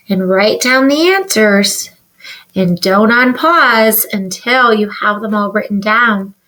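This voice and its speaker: A woman teaching a recorded lesson to young children, slowly sounding words out syllable by syllable, with sing-song rises when she counts and praises. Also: mid-range voice, a bit bright, poor audio. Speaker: kindergarten teacher.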